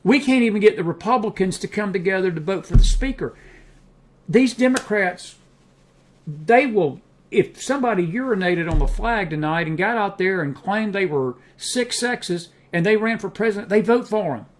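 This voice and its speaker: A middle-aged man with a drawl hosts a live political commentary show, fielding viewer questions. His voice sits a little high for a man. He talks bluntly and with open indignation, slipping into folksy anecdotes. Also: lively intonation, moderate pace. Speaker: host of a live news and faith show.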